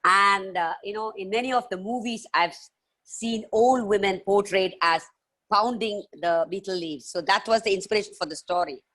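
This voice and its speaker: This storyteller and author entertains schoolchildren on a video call, animated and playful, weaving in sound effects like animal noises along with chants and laughter. She speaks at medium pitch and a moderate pace, keeping her live session expressive and engaging.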